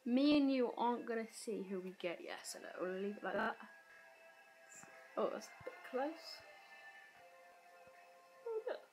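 A woman's voice: fairly high pitch, normal speed, darkish tone, faint music behind, poor audio. A woman giving casual, self-deprecating commentary while playing a football video game, often muttering to herself. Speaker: gaming YouTuber.

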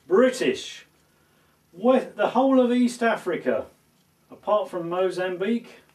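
A man's voice: high-pitched, distant mic, heavy background noise, exaggerated voice. A man playing a pompous, nostalgic English lord in a comedy sketch, proclaiming in a lofty voice.

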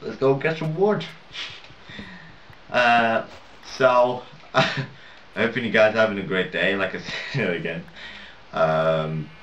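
A young man drawls through gameplay commentary at an unhurried pace, his voice sitting a little low. He rambles, swears and laughs at himself. The recording is dull and roomy, as if the mic sits away from him with a faint hiss behind. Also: fairly bright tone. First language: not English. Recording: lo-fi roomy home mic at a distance.

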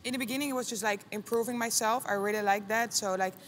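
A woman's voice: on the high side, fast, in a large hall, a little hiss or hum. A young woman in her twenties with a Dutch accent, a guest athlete chatting casually and saying "like" a lot. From Netherlands. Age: 20s. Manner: relaxed, lots of "like" fillers. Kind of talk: casual chat.

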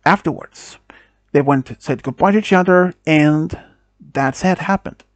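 Amateur male story reader, halting delivery, dry close recording. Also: a little high, no echo. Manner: hesitant, halting with restarts. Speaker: narrator. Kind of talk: amateur audio story narration.

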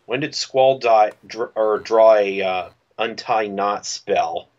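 A man co-commenting on a game playthrough, laid-back, giving brief replies and quiet laughs. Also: lowish voice, slow, muffled recording, faint music behind. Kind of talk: casual gameplay commentary.

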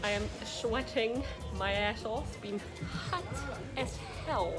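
A woman's voice: on the high side, takes it slowly. A young woman vlogging about her racing in a casual, chatty, giggly way; English is not her first language. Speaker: vlogger and racer. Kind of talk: casual vlog chat. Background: loud music.

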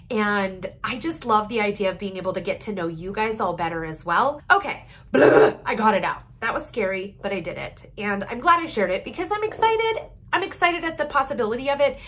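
A woman in her thirties chatting openly and warmly to camera as a vlogger about her small business. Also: mid-range voice. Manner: open and heartfelt, chatty. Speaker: vlogger running a small jewelry shop. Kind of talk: casual chat to camera.

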